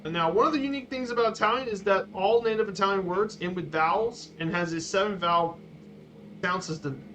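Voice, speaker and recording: A man streaming a flight simulator, giving a casual slideshow talk with halting, repeated words and fillers. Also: high-pitched, a bit bright. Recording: dull lo-fi stream audio with faint noise.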